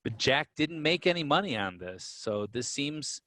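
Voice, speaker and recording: A man co-hosts a podcast in a loose, conversational way, laying out history with easy asides. His voice sits at a middling pitch. The sound is close and dry, with no room echo. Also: normal speed. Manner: relaxed, with fillers and restarts, explaining history. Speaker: podcast co-host. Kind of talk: casual conversational storytelling.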